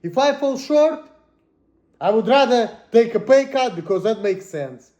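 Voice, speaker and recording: A man ranting to the camera in a profane, agitated way, swinging between muttering and shouting. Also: very high voice, animated, unhurried, roomy sound. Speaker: vlogger. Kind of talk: angry personal rant.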